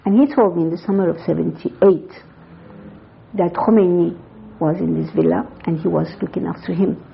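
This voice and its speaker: An older woman from Iran speaks in a rather low, gravelly voice and recounts events at a rambling, conversational pace. Her words come through a dull, lo-fi 1980s interview tape with a faint hiss behind them. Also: fairly even intonation, moderate pace. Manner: conversational, digressive, self-correcting recollection. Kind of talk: oral history interview.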